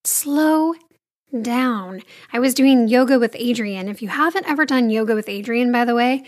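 A woman's voice: fairly high pitch, quick pace. A woman, likely in her thirties, talking casually and confidingly to her audience about rest, addressing them as friends. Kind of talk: casual talk to camera.

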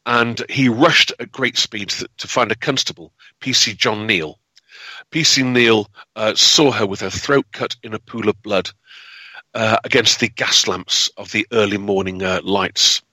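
A man's voice: lowish voice, bright, forceful tone, husky, dry recording, poor audio. A man telling a grim piece of local history in a dramatic, unscripted way, with many fillers and restarts. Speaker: historical storyteller. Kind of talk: spoken history storytelling.

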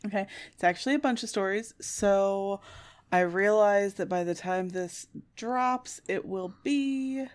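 A woman's voice: mid-range voice, unhurried. A woman co-hosting a podcast in loose, casual chat. She is sarcastic and cheerfully profane, and she laughs at her own jokes. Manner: sarcastic, swears, laughs often. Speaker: podcast co-host.

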